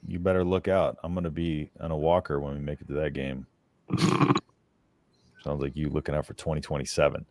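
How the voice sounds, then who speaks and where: Deep-voiced teasing male host from Texas. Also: little pitch movement, brisk, pauses often, a little mellow, no echo. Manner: laid-back, teasing, casual. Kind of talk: live call-in show chat.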